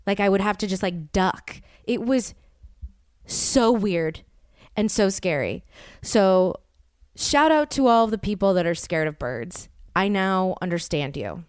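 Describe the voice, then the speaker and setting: A woman's voice: mid-range voice, animated, measured pace, a little mellow, clean tone, no room sound, studio quality. An American woman in her thirties, a podcast host telling a story in a rambling, casual way, full of "like" and stammered restarts. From United States. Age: 30s.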